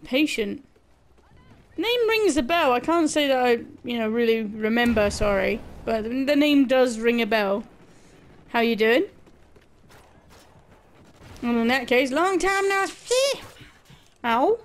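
Young female game streamer: high, bouncy voice, unhurried, chatty and foul-mouthed with her viewers. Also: animated. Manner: chatty, swears freely, laughs and jokes with viewers. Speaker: gaming streamer. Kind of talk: casual live-stream game commentary.

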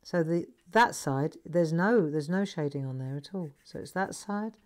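Her voice sits low but stays lively at a moderate pace. She's a middle-aged woman teaching a craft live, talking gently and urging the audience to unwind as she shows each step.

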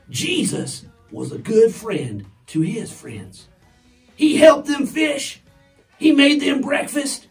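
A children's church host speaks slowly to kids, the pitch swinging up and down, with a gravelly edge to the voice. The sound comes from a little way off the microphone, with quiet music underneath. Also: far from the mic. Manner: slow and lively, addressing kids. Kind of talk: children's lesson and prayer. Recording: voice from back, faint music.

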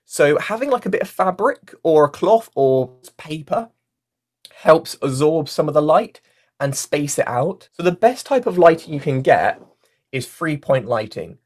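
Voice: mid-range voice, very animated, a little slow, darkish tone. A workshop facilitator giving a casual online lesson, talking into a mic with a fluffy cover and often using fillers like "like" and "you know". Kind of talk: casual online workshop teaching, reading out chat comments. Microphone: mic with a fluffy foam cover.

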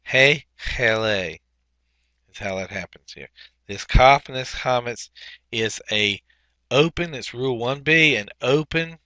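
A man teaching a Biblical Hebrew workbook lesson, explaining methodically step by step and pausing often with fillers. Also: fairly low pitch, sharp tone, no echo. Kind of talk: recorded workbook walkthrough lesson.

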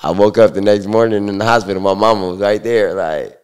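A man recounting a personal story in a relaxed interview, talking loosely with many fillers. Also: on the low side, brisk, clear, resonant tone. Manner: relaxed, loose, full of fillers like "like" and "you know". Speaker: guest.

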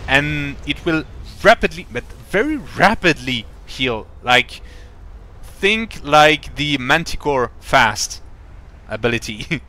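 A man's voice: a little high, expressive, takes it slowly, pushed and bright. A man commentating a strategy game live, explaining in a rambling, playful way with many fillers and restarts. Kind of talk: casual live-stream commentary.

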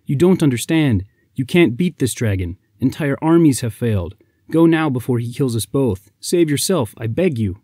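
A man's voice: medium pitch, animated, normal speed, dark tone, husky, dry recording, clean studio sound. A man voicing a frightened young princess who pleads urgently with a stranger.

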